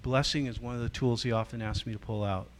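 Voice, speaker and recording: A middle-aged man guest-teaches a church group in a mid-range voice at a quick pace. Animated storytelling drives his talk as he acts out quoted voices and keeps changing his delivery.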